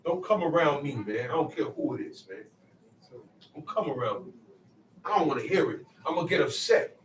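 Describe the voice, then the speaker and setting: Preaching in an echoey room, a male teacher with a somewhat high, animated voice gives street-talk Bible teaching at a moderate pace. He is emphatic, repeats himself, and lurches between quiet asides and loud bursts. The distant mic picks up slight background noise.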